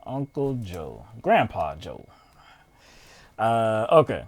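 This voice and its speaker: A man co-hosting a political talk show, chatting casually and reading news quotes aloud with frequent pauses and fillers. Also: on the low side, big pitch swings.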